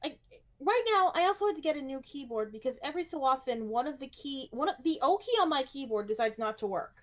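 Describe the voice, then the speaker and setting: A woman's voice: high-pitched, lively intonation, fast. Chatty woman on a dull voice-chat mic. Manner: chatty, rambling, joking about tech trouble. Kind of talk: casual gaming stream chat.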